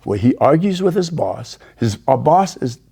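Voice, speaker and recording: Older male host, gravelly and husky, slow storyteller who drops his voice for quotes. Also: mid-range voice, big pitch swings, warm tone. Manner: unhurried anecdotes, quoting others in dropped voice. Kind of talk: casual storytelling interview.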